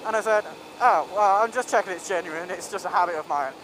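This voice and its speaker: A man's voice: sits high, fast talker, fairly bright tone, a little hiss or hum, poor audio. A young man telling a rambling story in a casual vlog, full of ums and restarts. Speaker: vlogger.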